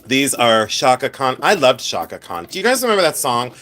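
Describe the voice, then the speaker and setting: A man's voice: mid-range voice, very animated, brisk, pushed and bright. A middle-aged man chatting casually to viewers on a live stream as a jewelry reseller, playful and scattered, laughing often and breaking off mid-sentence.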